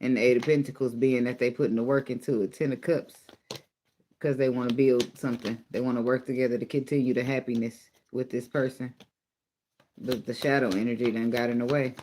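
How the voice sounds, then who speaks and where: A man's voice: medium pitch, level tone, a little fast, a little mellow, a little hiss or hum. Blunt, teasing man reading tarot cards. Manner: blunt, profane, teasing, laughs often. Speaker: tarot reader. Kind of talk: casual spoken tarot reading.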